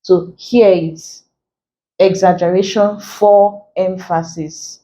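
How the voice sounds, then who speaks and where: A woman teacher giving an exam-prep lesson, explaining slowly, repeating key phrases and filling gaps with "like.". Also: on the low side, dark tone, slight background noise, poor audio. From Nigeria.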